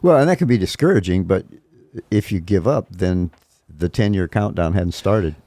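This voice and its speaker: A laid-back older man in casual talk with a very deep voice and a gravelly edge. His tone is mellow and affirming, recorded dry and close. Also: expressive, normal speed, dry recording. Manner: affirming, laid-back, many agreeing interjections. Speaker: podcast co-host. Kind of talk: casual conversation.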